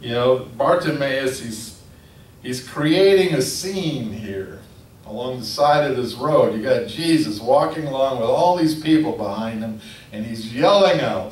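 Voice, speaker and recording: A man preaching a sermon, telling the story in a lively storytelling manner. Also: medium pitch, measured pace. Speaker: pastor. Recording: echoey room from a distance, faint noise.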